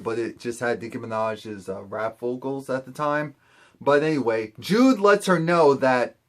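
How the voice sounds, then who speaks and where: A young man casually recapping a TV episode, quickly acting out the characters in quoted asides. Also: medium pitch. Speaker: TV recap host.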